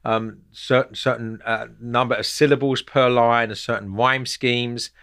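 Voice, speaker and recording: A man's voice: medium pitch, fairly even intonation, unhurried, a bit bright, clean tone. A man hosting a talk on poetry, explaining unscripted and thinking aloud with many repeated words.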